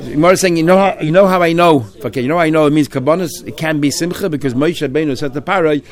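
A man leads a Talmud study session at a rapid clip. His voice sits a bit high, and he keeps questioning the text, arguing it out and mixing in Hebrew and Yiddish terms. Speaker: Torah study teacher.

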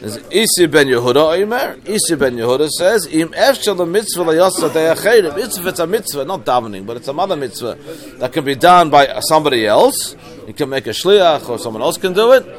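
Man teaching Talmud, rather high voice. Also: animated, a little fast. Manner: translating Aramaic phrase by phrase, explanatory. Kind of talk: Talmud study class.

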